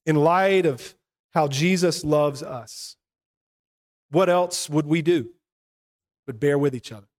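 A pastor preaching a sermon, earnest, moving between hushed and emphatic passages. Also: male voice, fairly high pitch, takes it slowly, pauses often.

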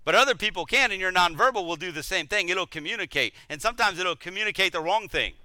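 A middle-aged man teaches a sermon in a relaxed, conversational way, poking fun at himself and stumbling over repeated words. His voice is very bright and smooth, sitting a little high for a man. The sound is close and dry. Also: quick pace, no room sound. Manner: conversational, animated, self-deprecating, repeats words.

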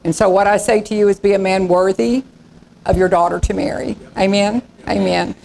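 A woman in her sixties preaches a sermon with a gravelly, slightly creaky edge to her voice. She tells stories in a folksy way and slips into the voices of the people in them. A faint hum sits behind her. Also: medium pitch, fairly even intonation, normal speed, a little mellow, low-quality recording. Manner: folksy storytelling preacher, acting out quoted voices. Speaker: pastor.

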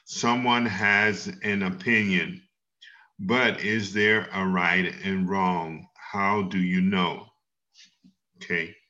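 A man teaching an online Bible class, speaking slowly and patiently and asking the class questions. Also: low-pitched, bright, forceful tone. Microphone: video call. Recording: dull lo-fi video call audio.

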